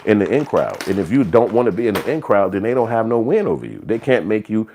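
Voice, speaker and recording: Low-voiced guy rambling on a livestream, cussing a lot, faint hiss behind. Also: big pitch swings, fast, warm tone. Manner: profane, streetwise, slips into acted quotes. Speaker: livestream show host. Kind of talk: casual rambling monologue.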